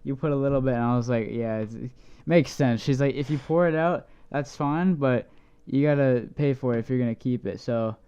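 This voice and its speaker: A man's voice: medium pitch, fairly quick, mellow, clear, resonant tone, muffled recording. A young man, a podcast co-host, telling a long story in casual chat, full of "like" and the odd swear. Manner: rambling, many "like"s, swears casually.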